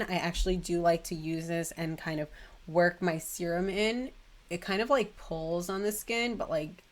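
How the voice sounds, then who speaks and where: A young woman chatting in a gushing, casual way about her beauty favorites at home, with lots of "like". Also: lowish voice. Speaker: beauty vlogger. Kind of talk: casual chat.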